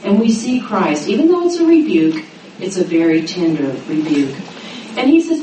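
A middle-aged woman teaching a sermon to a women's gathering, acting out the quoted voices with lively pitch. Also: moderate pace. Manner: animated, dramatizing quotes with rising pitch. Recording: roomy echo, mic at a distance, faint noise.

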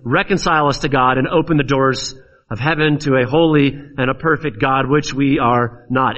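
A man's voice: a little high, unhurried, fairly bright tone, muffled recording. A man preaching a sermon in an earnest, pleading way, pressing questions on his listeners.

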